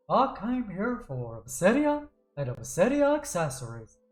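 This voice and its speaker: Lively young woman streamer, echoey room. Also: medium pitch, a little slow, soft background music. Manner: rambling, animated, laughs often. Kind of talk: casual chat while gaming. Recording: roomy echo.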